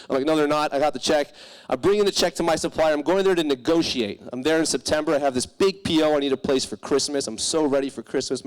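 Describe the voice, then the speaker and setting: A young man, a startup founder, telling a comic failure story on stage at a live event, animated and profane, acting out the voices of people he quotes. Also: on the high side, clear, resonant tone, rough recording.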